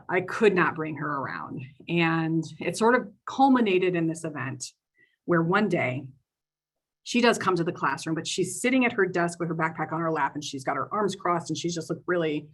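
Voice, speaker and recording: A woman's voice: low voice, fairly bright tone, husky. A woman giving a training talk for educators, telling a personal classroom story in a conversational way with frequent fillers.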